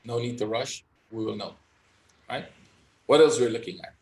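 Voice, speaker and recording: A man's voice: mid-range voice, normal speed, darkish tone. A man giving live trading session commentary as an instructor, thinking aloud and often tagging his points with "right?".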